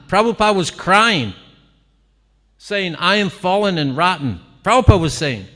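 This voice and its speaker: A man giving an animated devotional talk at a temple gathering, often breaking into laughter and exclamations. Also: high voice, moderate pace. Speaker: visiting speaker at a temple gathering. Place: temple hall. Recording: long reverb of a hall.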